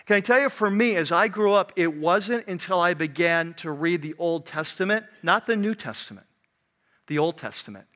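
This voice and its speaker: A man preaching a sermon, animated, swinging from loud emphatic passages to soft, low, quiet ones. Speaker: pastor.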